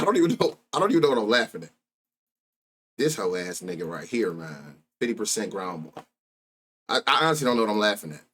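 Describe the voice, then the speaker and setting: This thirtysomething betting-stream host speaks with an African American Vernacular English accent, keeping the live banter loose, crude, and full of profanity. He laughs easily, and his mid-range voice has a fairly bright tone.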